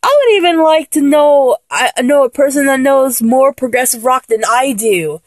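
A woman's voice: sits high, normal speed, dry recording. A 24-year-old woman with a mature-sounding voice chats casually, rambling and joking as she answers a questionnaire. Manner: rambling, giggly, jokey. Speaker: solo vlogger answering a questionnaire. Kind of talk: casual chat.

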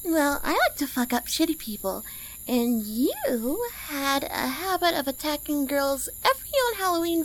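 Petite girlish-voiced woman for audio role-play, very high and swooping, taunting and unhurried. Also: low-quality recording. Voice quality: girlish, little-girl-sounding voice. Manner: mocking and teasing, with frequent laughs.

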